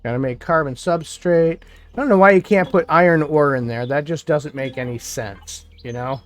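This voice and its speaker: A gaming streamer from New York State chats casually on a live game stream, rambling and thinking aloud while he plays. His voice sits on the high side and he talks at a normal speed.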